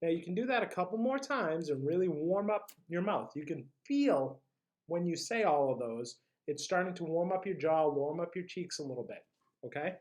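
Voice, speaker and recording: A teacher leading a drama class through vocal warm-ups and tongue twisters. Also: mid-range voice, expressive, moderate pace.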